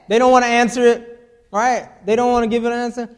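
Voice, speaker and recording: A man's voice: very high voice, flat delivery, fast talker, in a large hall. A man preaching a casual sermon, reading scripture aloud and adding chuckling, conversational asides.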